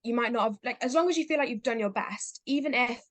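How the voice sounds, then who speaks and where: A woman's voice: a little high, quick pace, dry recording. A teenage girl chatting as an interview guest about her acting, upbeat and full of fillers, acting out little quotes as she talks. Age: teens. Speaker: guest, young actor. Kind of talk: casual interview chat.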